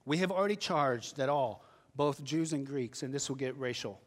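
A middle-aged man preaching a sermon, telling stories animatedly and swinging from loud outbursts to hushed asides. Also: medium pitch, normal speed. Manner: animated storytelling with sudden shifts from loud to hushed. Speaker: pastor. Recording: long hall reverb.

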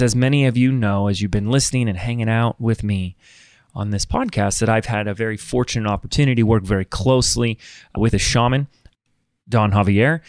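A man hosting his own podcast, talking alone in an upbeat, chatty, animated way close to the microphone. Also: medium pitch, no echo. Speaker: podcast host. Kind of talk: casual solo podcast monologue.

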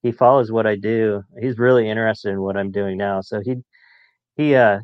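A man's voice: on the low side, fairly even intonation, moderate pace, smooth, no room sound. A man in his late forties, a podcast guest telling stories in a chatty way and laughing as he talks. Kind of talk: casual storytelling. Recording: dull muffled dry sound.

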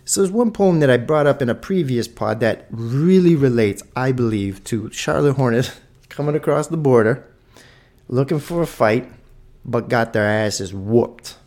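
Man, gravelly voice, casual storytelling podcast host, swears freely. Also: mid-range voice, unhurried. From Toronto, Canada. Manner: animated, swears freely, adds punchy sound effects.

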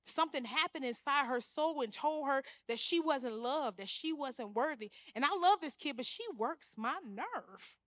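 High-pitched lively woman preaching. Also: moderate pace, few pauses, dry recording. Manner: animated, acts out quoted voices. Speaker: guest speaker. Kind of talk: sermon.

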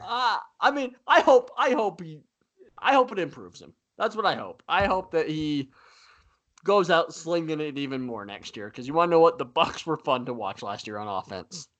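A man co-hosting a casual sports podcast, talking in an animated way with frequent fillers and easy laughter. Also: fairly high pitch, normal speed. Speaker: podcast co-host.

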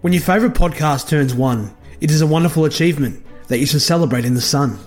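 A man reading a loud, sing-song rhyming birthday greeting for a podcast. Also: mid-range voice.

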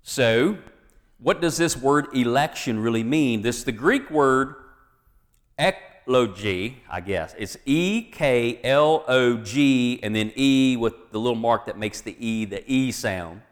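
A man's voice: mid-range voice, lively intonation, slow pace, big-room sound. A man preaching a sermon as pastor, reading scripture with folksy asides and jokes to the congregation.

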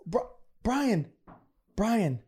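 A high-pitched man in his forties argues in a heated podcast chat. He is loud and profane, and he cuts in often. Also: big pitch swings, very slow. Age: 40s. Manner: loud, argumentative, profane, interrupting. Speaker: comedian podcast host. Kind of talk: heated casual debate.

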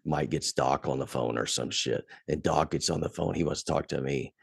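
A man's voice: extremely low pitch, fairly quick, vocal fry, slightly rough, no room sound, studio quality. A man telling a profane story in casual podcast chat, his voice climbing when he gets angry. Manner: profane, animated retelling, voice rising when angry. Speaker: podcast guest.

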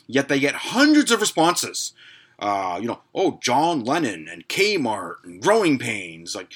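A man's voice: mid-range voice, fairly bright tone. A man hosting a podcast, ranting casually and sarcastically with plenty of swearing. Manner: profane, sarcastic, grumbling. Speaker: podcast host.

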